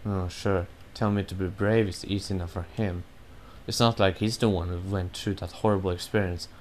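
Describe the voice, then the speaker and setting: Proud, sulky bird-boy prince from a game, read by a man, low-voiced, grumbling. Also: fairly even intonation, moderate pace, a little hiss or hum, natural voice.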